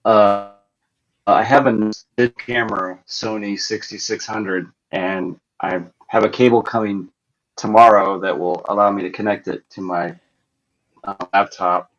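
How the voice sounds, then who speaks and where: A man with a very deep voice joins as a guest and speaks haltingly and plainly. He comes through a cheap, muffled camera mic. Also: little pitch movement, a bit bright. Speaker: podcast guest. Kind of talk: casual chat. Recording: dull lo-fi webcam mic.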